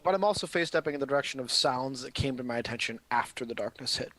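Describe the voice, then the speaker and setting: A man's voice: medium pitch, expressive, fast talker, sharp tone. A man playing a tabletop game, politely checking his moves with the table. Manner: polite, asks the table for leeway. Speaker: player. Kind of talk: casual tabletop game chat.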